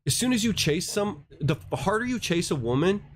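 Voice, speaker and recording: A man's voice: high voice, very animated, normal speed, slight background noise. A man hosting a crypto livestream, ranting casually in a rambling, slangy, self-mocking way.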